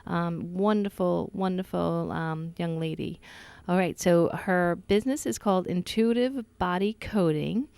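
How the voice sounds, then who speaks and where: A woman's voice: lowish voice, a little slow, creaky, a little mellow, clean tone, no echo. Chatty New York woman hosting radio. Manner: chatty, upbeat, laughs easily. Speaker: radio talk show host. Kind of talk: casual radio chat.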